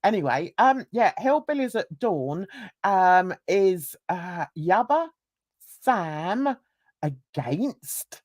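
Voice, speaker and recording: A woman's voice: medium pitch, expressive, slow, darkish tone, no echo, clean studio sound. A woman hosting a casual livestream chat, rambling and gossipy as she greets viewers in the chat by name. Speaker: livestream host.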